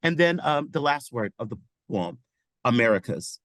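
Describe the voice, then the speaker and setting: A man's voice: medium pitch, very animated, normal speed, fairly bright tone, no room sound, rough recording. Man, teacher in a webinar, reflective, dry close sound. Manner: thoughtful, searching for words. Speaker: teacher participant. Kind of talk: reflective discussion remarks.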